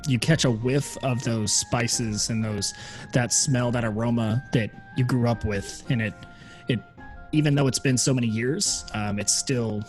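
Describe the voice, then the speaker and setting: A man narrating a tabletop game as game master, hesitant with many pauses and fillers. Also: medium pitch, darkish tone, faint music behind.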